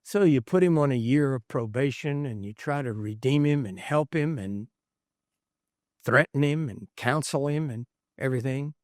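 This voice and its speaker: A man preaching a leadership sermon as an animated storyteller, acting out the voices of the people in his stories. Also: mid-range voice, moderate pace, no echo, studio quality. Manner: animated storyteller, acts out quoted voices, chuckles. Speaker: pastor speaking on leadership. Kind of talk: conference sermon.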